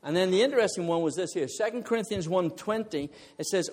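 A man preaching a sermon with a somewhat high voice, spinning a comic personal story for his congregation. He talks in an animated, conversational way, breaking into laughter and turning to his listeners directly. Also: quick pace, few pauses. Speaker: visiting preacher.

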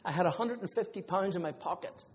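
A man's voice: high-pitched, fast. A man preaching a conversational sermon, mixing scripture with personal testimonies and asides to the congregation. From Ireland. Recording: long hall reverb.

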